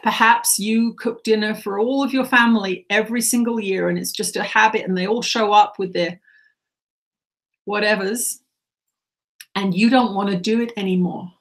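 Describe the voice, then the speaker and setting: A woman channeling spiritual teachings, speaking in slow, repetitive, earnest instructions. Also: mid-range voice, vocal fry.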